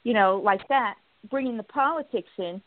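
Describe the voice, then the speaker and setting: A woman hosting a political talk show, speaking in a halting way with many restarts and telling stories with acted-out quotes. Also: on the high side, dry recording. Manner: animated storytelling, acts out quotes. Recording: tinny phone-like line.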